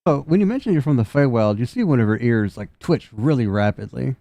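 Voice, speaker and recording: A man's voice: mid-range voice, expressive, a little fast, vocal fry, warm tone, no room sound, dull audio. A man narrating a tabletop game as game master, casual, swearing and laughing often.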